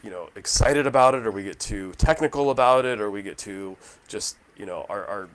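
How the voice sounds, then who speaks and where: A man co-hosting a casual book discussion, with a fairly low voice. He tells stories in a folksy, self-deprecating way. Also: fairly quick. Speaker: podcast co-host.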